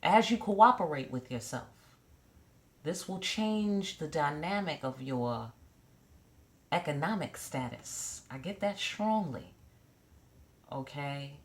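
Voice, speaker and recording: Speaking slowly with long pauses, this tarot reader has a deep voice with lively intonation. Her casual reading to camera is blunt and profane, peppered with jokes and frequent "okay?" check-ins.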